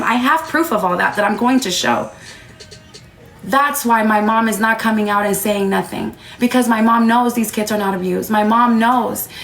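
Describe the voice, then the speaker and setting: Woman in her 30s ranting on a livestream, rambly and defensive, kinda high voice, echoey room. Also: fairly bright tone. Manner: rapid, rambling, defensive, with rising outbursts. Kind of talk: emotional livestream storytelling.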